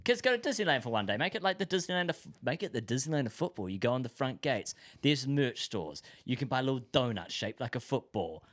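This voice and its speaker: A man's voice: mid-range voice, sing-song, fast talker, hardly any pauses. A man hosting a casual sports podcast, talking loosely, swearing and agreeing often.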